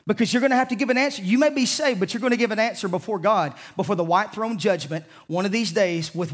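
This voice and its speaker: A man from the American South with a Southern accent, preaching an impassioned sermon as pastor to a congregation, swinging from loud declarations to hushed lines. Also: sits high, fast talker, few pauses. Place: church sanctuary with a congregation.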